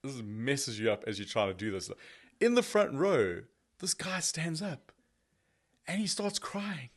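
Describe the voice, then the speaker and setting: A man who is a podcast guest, telling his personal testimony as an animated, self-deprecating storyteller. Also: mid-range voice, a little slow.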